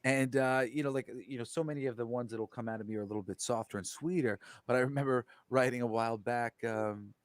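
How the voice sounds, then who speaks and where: A man's voice: medium pitch, fairly even intonation, quick pace, few pauses, no room sound, studio quality. A man co-hosting a casual talk show, talking in a loose, rambling way full of fillers. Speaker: podcast co-host. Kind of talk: casual conversation.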